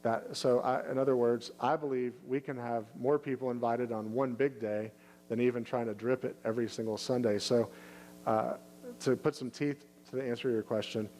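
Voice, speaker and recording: A male pastor answering questions in a casual Q&A, speaking in a halting way with many restarts and fillers, and lifting his voice when he acts out friendly invitations. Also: mid-range voice, a little mellow, slight background noise, rough recording. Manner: acts out inviting lines in a lifted, upbeat voice.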